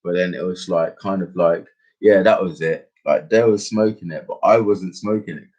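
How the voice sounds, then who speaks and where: A young man tells a personal story in loose, slangy chat. He keeps circling back on himself with fillers and restarts. His voice sits low and slightly husky. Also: moderate pace, darkish tone, dull audio. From England. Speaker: podcast host. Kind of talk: casual storytelling.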